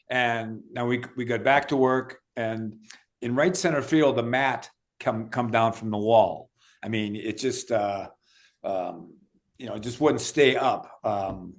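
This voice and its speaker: An older man, a retired baseball umpire co-hosting a podcast, telling a story haltingly with many pauses. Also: medium pitch. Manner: halting, many fillers while recalling. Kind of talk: casual anecdote telling.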